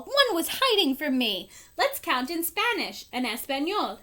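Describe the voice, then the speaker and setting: A teacher reading a picture book aloud to young children, pausing to ask them to count along. Her high voice swings widely and sounds bright. She takes her time over each line. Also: big pitch swings.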